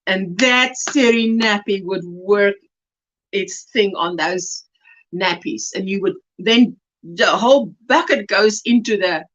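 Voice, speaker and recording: A medium-pitched woman's voice comes through dull audio. Middle-aged and South African-accented, she hosts a laid-back crochet livestream, greeting viewers as sweetheart and warmly chatting through their comments.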